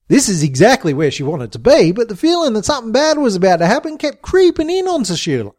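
A man narrating a comic story in a profane, expressive way. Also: high-pitched, fast, hardly any pauses.

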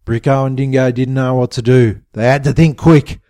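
A man narrating a comic story in a profane, expressive way. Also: medium pitch, moderate pace.

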